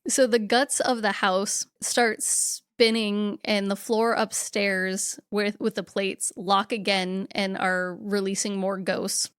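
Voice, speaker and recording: A woman's voice: mid-range voice, smooth, no echo. Woman recapping a movie, dry sound. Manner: detailed retelling with acted quotes. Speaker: podcast co-host. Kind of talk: casual movie recap chat.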